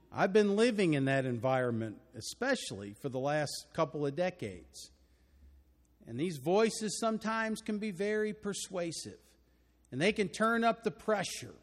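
An older Texan man preaches a sermon from the pulpit in a church auditorium, earnest and emphatic, often building to loud, ringing declarations. His voice is a little high for a man, and it trails off into the long reverb of the big hall.

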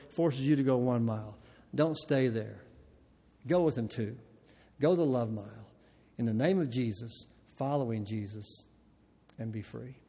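A man's voice: mid-range voice, mellow. A man preaching a Wednesday night sermon, folksy and earnest, telling a personal story and speaking straight to the congregation. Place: church hall with long reverb. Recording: church hall reverb.

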